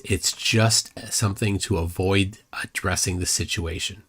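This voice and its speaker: A man's voice: sits low, steady tone, measured pace, fairly bright tone, slightly rough. A man hosting a live reaction stream, reading chat comments aloud and mocking the clip with sarcastic asides. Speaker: livestream host reacting to a video.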